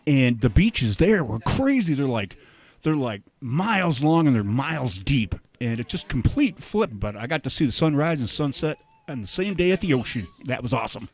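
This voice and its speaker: Regular guy telling a road trip story, mid pitch, lots of "like". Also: very animated, normal speed, soft background music. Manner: rambling, full of "like". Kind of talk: casual storytelling.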